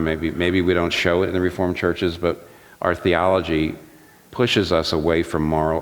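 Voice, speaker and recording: A man speaking earnestly on a theology panel, often restarting sentences and mimicking others for effect. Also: very deep voice. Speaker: pastor and theologian on a discussion panel. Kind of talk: panel discussion. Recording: long hall reverb.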